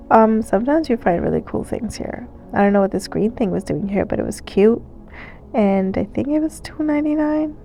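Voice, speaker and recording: A woman with a stuffy nose doing a chatty, relaxed voice-over for a thrift shopping vlog. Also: a little high, moderate pace, creaky. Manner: chatty, relaxed, with fillers and small laughs. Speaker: thrift vlogger. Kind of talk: casual voice-over narration. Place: recorded voice-over.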